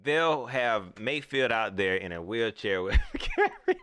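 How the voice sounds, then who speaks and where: A man's voice: mid-range voice, measured pace, slight background noise. A man, giving casual, joking livestream commentary on football as a sports vlogger. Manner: animated, joking, slangy delivery.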